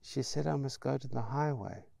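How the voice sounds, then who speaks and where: A man's voice: mid-range voice, normal speed, gravelly, dark tone, no echo, pitched above the performer's own voice. A man voicing a small, frightened young boy who speaks in a tiny, near-whispered voice. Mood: small, sad.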